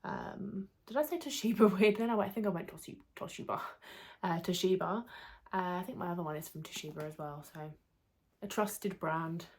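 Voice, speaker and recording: Young British woman, casual vlogger, a bit hoarse, low-ish voice, self-deprecating chatter. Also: brisk, darkish tone. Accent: British English. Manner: chatty, rambling, self-deprecating, light laughter. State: slightly losing her voice. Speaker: YouTuber. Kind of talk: casual vlog chat. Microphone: camera mic under a ring light.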